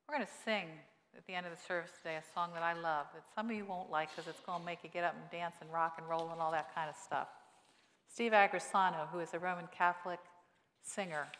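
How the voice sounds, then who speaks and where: Woman pastor preaching in a reverberant church. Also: on the low side. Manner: lively, playful, teasing the congregation with questions. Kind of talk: sermon. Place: church sanctuary. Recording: long church-hall reverb.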